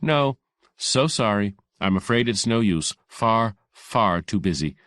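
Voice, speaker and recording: A man's voice: fairly low pitch, expressive, a little slow, fairly bright tone, no room sound, clean studio sound, pitched above the performer's own voice. A man voicing a tough, wisecracking woman receptionist in an audiobook, sarcastic and mock-sweet. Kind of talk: audiobook character voice.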